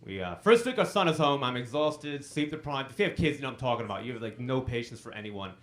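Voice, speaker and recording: Animated stand-up comic in his forties. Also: mid-range voice, fast. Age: 40s. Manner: animated storytelling, acts out quotes in bursts. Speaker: stand-up comedian. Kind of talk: stand-up comedy set. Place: comedy club stage.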